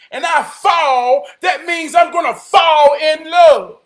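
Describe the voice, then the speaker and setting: A man with a Southern US accent giving an inspirational talk, preaching and building to shouts before dropping low. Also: slow pace, few pauses. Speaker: motivational speaker.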